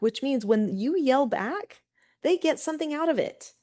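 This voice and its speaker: A middle-aged woman, a guest on a parenting show, telling stories in lively conversation and acting out other people's voices. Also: sits high, normal speed. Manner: lively, acts out quoted voices. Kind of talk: conversational storytelling.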